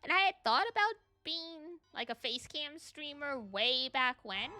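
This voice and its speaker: A young woman from Canada with a high, youthful-sounding voice, chatting quickly and giggling as a VTuber streamer. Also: animated, pushed and bright, no echo, faint music behind. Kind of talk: casual stream chat.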